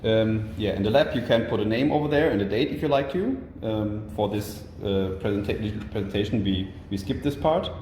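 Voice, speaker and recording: A man giving a live laboratory demonstration, explaining each step in a halting way with many fillers and restarts. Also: on the low side, animated, a little mellow. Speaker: product demonstrator. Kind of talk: live lab demonstration over a video call. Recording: roomy sound with faint noise.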